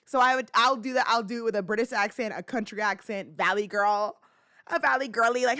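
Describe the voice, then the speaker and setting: A woman's voice: fairly high pitch, brisk, pushed and bright, no echo, studio quality. A young woman in her twenties hosting a podcast, chatting casually and rambling with fillers and laughs. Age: 20s. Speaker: podcast host. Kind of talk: casual chat.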